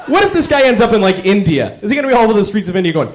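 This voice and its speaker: Stand-up comic man, high and bouncy, exasperated storyteller. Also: big pitch swings, rapid-fire, crowd noise, noisy background. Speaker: stand-up comedian. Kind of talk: stand-up routine.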